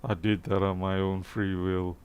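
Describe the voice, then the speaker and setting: A man's voice: sits low, little pitch movement, normal speed, a little mellow, slight background noise. A man talking casually to camera while repairing a laptop in his workshop, chatty and self-mocking, muttering as he works. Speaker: electronics repair technician. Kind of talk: casual workbench commentary.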